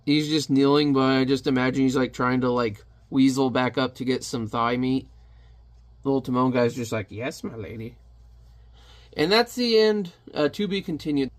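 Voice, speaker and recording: A man's voice: medium pitch, normal speed. A man casually reviewing a comic, chatty and joking as he narrates the panels. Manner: chatty, jokey asides.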